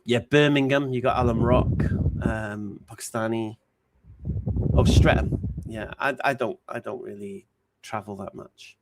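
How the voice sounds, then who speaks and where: Gravelly guy on his stream, lots of ums, noisy background. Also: medium pitch, measured pace. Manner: relaxed and hesitant, with many ums and restarts. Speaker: livestream host. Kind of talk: casual chat answering viewer questions. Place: home streaming setup. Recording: steady background noise.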